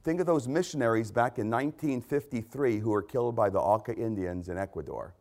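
A man's voice: medium pitch, brisk, darkish tone. A man preaching a sermon, impassioned, asking rhetorical questions and repeating key phrases for emphasis.

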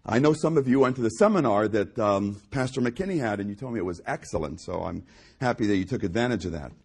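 A man's voice: on the low side, expressive, quick pace, creaky, darkish tone, breathy edge. A man preaching a sermon as pastor, speaking emphatically, repeating key phrases and quoting scripture.

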